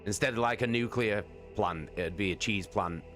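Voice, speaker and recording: A man with a lowish, somewhat bright voice rambles jokily and swears heavily during a casual live-stream chat. He talks at a moderate pace while soft music plays in the background.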